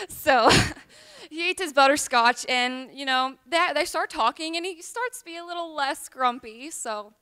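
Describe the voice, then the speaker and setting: A woman's voice: sits high, normal speed, bright, forceful tone, smooth. A woman from Tennessee, telling a rambling tall tale at a liar's contest, full of ums. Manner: chatty, rambling, with many ums.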